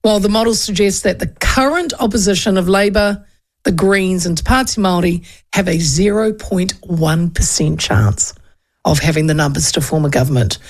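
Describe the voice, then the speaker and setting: A New Zealand woman in her fifties hosting a radio talk show, chatting casually and rambling through political polls with frequent ums and asides. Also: on the low side. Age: 50s.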